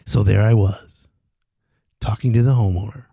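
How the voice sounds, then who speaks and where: A man who runs a roofing company, giving an animated sales pitch in folksy talk and acting out conversations with homeowners. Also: moderate pace, creaky, husky, dry recording. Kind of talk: direct-to-camera sales pitch.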